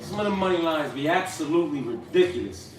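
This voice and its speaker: A man hosting a live stream, giving casual, profane fight commentary and yelling coaching at the screen. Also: on the high side, expressive, fast talker, crowd noise. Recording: echoey room, distant mic, music behind.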